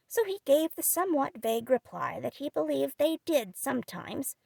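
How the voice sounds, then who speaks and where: Expressive woman narrating a classic novel. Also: a little high, gravelly, husky, no echo. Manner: expressive storytelling. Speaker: audiobook narrator.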